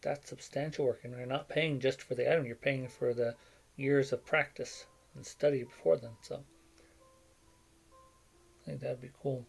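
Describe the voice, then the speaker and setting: A man's voice: mid-range voice, fairly even intonation, normal speed, creaky, long pauses, husky, faint music behind. A middle-aged man with a cough and headache, rambling in a casual chat at his home desk mic, with lots of fillers and self-deprecating asides. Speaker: vlogger. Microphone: desk microphone.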